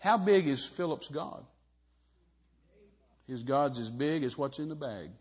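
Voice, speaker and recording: A man preaching a humorous storytelling sermon in a folksy way, swinging between loud and soft and acting out the people in the story. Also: medium pitch, expressive, a little slow, slightly rough. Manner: folksy, acts out Bible characters with voices, swings loud and soft.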